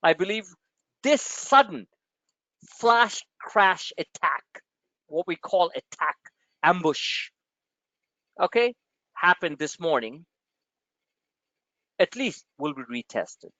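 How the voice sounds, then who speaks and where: Brash, animated man with a high voice. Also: slow pace, pauses often, no echo. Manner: animated, brash and joking, addresses listeners as "my friend". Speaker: trading show host. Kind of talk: live market webinar with member Q&A. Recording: dry, dull lo-fi stream audio.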